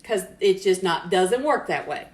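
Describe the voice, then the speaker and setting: A woman's voice: fairly low pitch, lively intonation, unhurried. Chatty woman cooking in an echoey kitchen. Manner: chatty, greets viewers by name, laughs often. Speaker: host cooking on a live stream. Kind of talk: casual live cooking chat. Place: home kitchen. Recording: echoey kitchen with faint noise.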